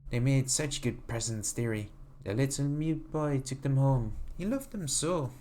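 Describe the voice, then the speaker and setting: A streamer voicing a sweetly sinister old grandmother, reading slowly in a doting, sing-song manner from a desk mic at home. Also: medium pitch, a little mellow, natural voice. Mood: creepy doting. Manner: slow, sing-song, doting "dearie" refrain. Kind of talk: reading a game note aloud in character.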